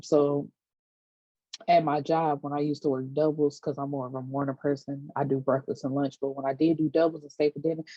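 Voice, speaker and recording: A chatty woman recaps a TV episode from home, animated, acting out the characters' lines and breaking off for quick asides. Her voice sits low and mellow with a husky edge. The sound is dull and dry, like a plain home recording. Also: dry recording. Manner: chatty, animated retelling with acted quotes and casual asides. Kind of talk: casual chat.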